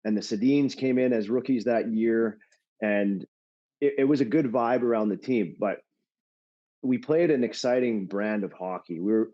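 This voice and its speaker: A middle-aged man telling stories casually as a podcast guest, animated and full of fillers. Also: lowish voice. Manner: animated, laughing storyteller with many fillers. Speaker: guest, former hockey player. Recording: dull lo-fi sound.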